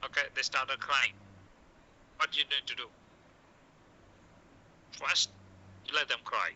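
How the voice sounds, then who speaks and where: A man's voice: mid-range voice, unhurried, pushed and bright, muffled recording. A man teaching how to break bad news to patients. He talks in short coaching phrases, says "okay" again and again, and acts out the doctor's lines. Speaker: medical communication teacher. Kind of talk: classroom lecture.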